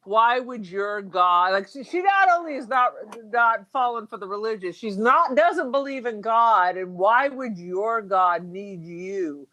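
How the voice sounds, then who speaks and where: A woman co-hosting a casual film podcast, her voice sitting a little high. She talks expressively, with frequent exclamations of disgust. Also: lively intonation, a little slow, few pauses, fairly bright tone. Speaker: podcast co-host.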